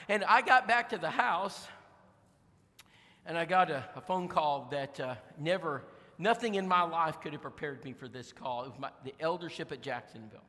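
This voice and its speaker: A man's voice: fairly high pitch, lively intonation, moderate pace, pushed and bright, long reverb tail. A man preaching a storytelling sermon as a guest preacher, folksy, with many fillers and restarts. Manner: acts out voices in his stories. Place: church auditorium.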